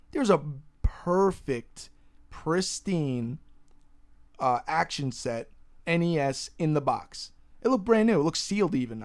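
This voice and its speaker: A man's voice: on the high side, darkish tone. A young man hosting a casual podcast, ranting animatedly and swearing freely. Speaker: podcast host.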